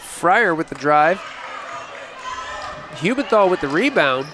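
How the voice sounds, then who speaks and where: Fast-calling male play-by-play announcer. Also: a little high, very animated. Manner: brisk, calls each play as it happens, laughs easily. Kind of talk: live basketball play-by-play commentary. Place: high school gym broadcast table. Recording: noisy gym with ball bounces behind.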